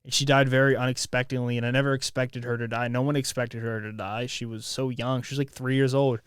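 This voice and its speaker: Man, from the united states, solo podcast host, halting emotional monologue, frequent swearing, mid-range pitch, dry close sound. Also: flat delivery, clean tone, no room sound. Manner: halting, emotional, swears often, many restarts. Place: at home, near his bed.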